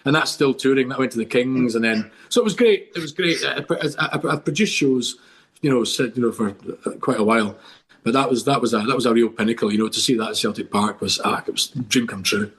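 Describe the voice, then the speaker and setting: A man's voice: medium pitch, a little fast, fairly bright tone. A middle-aged Scottish man, a podcast guest, telling long stories with enthusiasm and lots of restarts. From Scotland. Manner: enthusiastic rambling storyteller with many restarts. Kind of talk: casual podcast chat.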